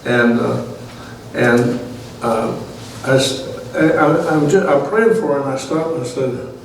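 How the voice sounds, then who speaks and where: A male Bible study teacher preaches his testimony in a loose, conversational way, dotted with fillers and small chuckles. His voice sits at an ordinary middle pitch. He is recorded far from the mic in a very echoey room with a faint hum of ambience behind him. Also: slow. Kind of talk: testimony sermon.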